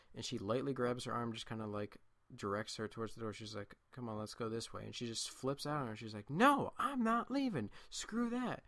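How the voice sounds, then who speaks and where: A man's voice: fairly low pitch, a bit bright, no echo. Rambling teenage guy telling a story. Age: late teens. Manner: rambling, with many restarts and asides. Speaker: gameplay commentator. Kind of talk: casual storytelling over gameplay.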